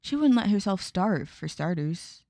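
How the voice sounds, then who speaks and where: A woman's voice: fairly low pitch, sing-song, a little slow, mellow, no echo, clean studio sound. A woman voicing a blunt older village woman in a game, matter-of-fact and folksy. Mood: dry, unbothered.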